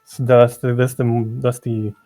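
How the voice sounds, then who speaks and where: A man who runs tabletop games, chatting casually and explaining things in a measured way, repeating words as he searches for the right one. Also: medium pitch, level tone, dark tone, faint music behind. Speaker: game master. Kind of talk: casual chat.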